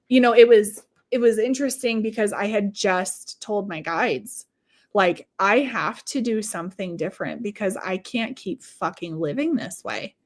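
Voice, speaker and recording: A woman with a mid-range voice, a psychic medium and manifestation coach, guests on a podcast. She speaks candidly and profanely, casually telling her story by quoting her own past thoughts.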